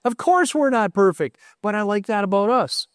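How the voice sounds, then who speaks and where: A middle-aged American man preaching from the front in a relaxed, story-driven way. His voice sits a little higher than most men's and is recorded dry and close, with little room sound. He punctuates his points with quick affirmations. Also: clean tone, dry recording. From United States. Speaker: congregation leader. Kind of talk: sermon.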